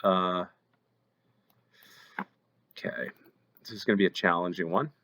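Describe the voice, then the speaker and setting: Deep-voiced American man thinking aloud. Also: unhurried, fairly bright tone. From United States. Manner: thinking aloud, hesitant, many ums. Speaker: game show host. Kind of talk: play-along gameplay commentary.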